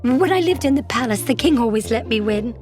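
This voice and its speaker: A woman's voice: on the high side, animated, a little fast, over music, voice pushed up, lightly acted. A woman doing a grand, boastful babysitter.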